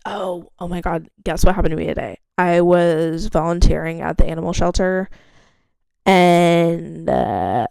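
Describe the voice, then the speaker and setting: A young woman chats alone into a close, dry microphone, rambling through stories in a lively, self-mocking way. Her voice sits a little low for a woman and comes through smooth and clear. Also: dry recording. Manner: rambling, animated storytelling with laughs and swearing. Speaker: podcast host. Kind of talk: casual solo chat.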